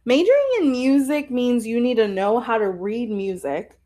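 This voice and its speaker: A woman's voice: fairly high pitch, expressive, normal speed, warm tone. A young adult woman hosting a podcast, telling a personal story in a rambling, emotional way with many fillers. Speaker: podcast host.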